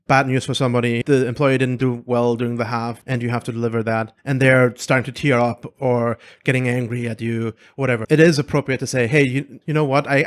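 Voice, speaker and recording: Man co-hosting a relaxed chat podcast. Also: medium pitch. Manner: thoughtful, explanatory, with restarts. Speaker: podcast co-host. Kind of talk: casual conversational chat.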